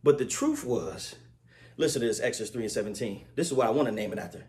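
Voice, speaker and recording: A man's voice: mid-range voice, sing-song, fairly quick. A man giving an impassioned scripture lesson, emphatic, often laughing and asking his listeners to confirm. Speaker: religious teacher.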